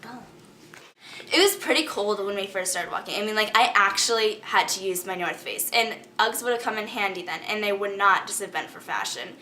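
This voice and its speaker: Bright dramatic teen girl. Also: medium pitch, fairly quick, slight background noise. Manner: dramatic, complaining, filler "like" talk. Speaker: student explorer in a school skit. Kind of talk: amateur skit, casual chat.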